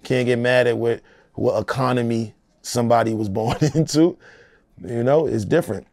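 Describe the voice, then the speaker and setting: A man's voice: mid-range voice, moderate pace, darkish tone, no echo, clean studio sound. A man in his forties, a rapper being interviewed, talking in a casual, profane, streetwise way and often adding "you know what I'm saying".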